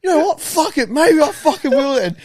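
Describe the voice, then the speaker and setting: A man's voice: extremely high pitch, very animated, no room sound, studio quality, voice pushed up. A man acting out his angry, swearing drunk friend in a podcast retelling. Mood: defiant. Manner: indignant, cursing, drawn-out shouting. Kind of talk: casual chat.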